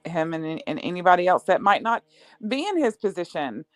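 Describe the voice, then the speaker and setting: A woman's voice: fairly low pitch, very animated, moderate pace, no room sound, faint music behind, low-quality recording. A woman co-hosting a casual podcast chat, talking hesitantly and filling gaps with "you know" and "uh". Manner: hesitant, filler-heavy.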